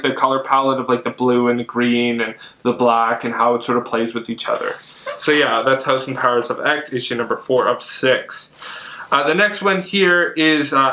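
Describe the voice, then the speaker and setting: A young man chatting casually while unboxing comics, excitable and full of fillers and gushing. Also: medium pitch. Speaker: comic collector vlogger. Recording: echoey room.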